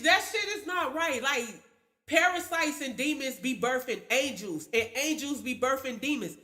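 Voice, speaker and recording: Profane, animated high-voiced woman ranting. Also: moderate pace. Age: adult with children. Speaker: livestream host. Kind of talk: casual storytelling rant.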